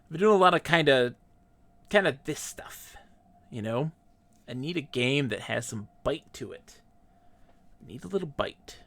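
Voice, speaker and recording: A man's voice: mid-range voice, lively intonation, normal speed, long pauses, fairly bright tone. A man streaming a game live, chatting casually and reading the game text aloud. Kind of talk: casual gameplay commentary.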